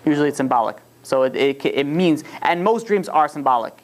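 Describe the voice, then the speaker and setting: A man's voice: a little high, lively intonation, brisk. A man teaching an informal religious lesson, rambling and often restarting his phrases.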